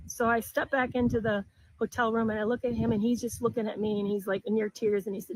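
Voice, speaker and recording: A middle-aged woman telling a personal story in an earnest, halting way, often restarting her sentences. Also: medium pitch, fairly even intonation, darkish tone, low-quality recording.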